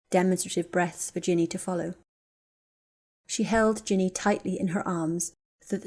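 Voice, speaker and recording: A woman narrating a story in an even, measured reading voice. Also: lowish voice.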